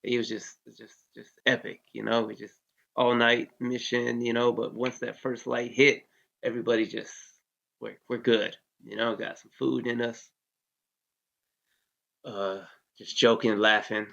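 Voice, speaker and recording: An American Army veteran in his thirties, an interview guest, tells a story in a laid-back way, peppering it with "you know" and cursing freely. His mid-range voice is unhurried and a bit bright, with vocal fry and little pitch movement. The recording has a dull, lo-fi sound.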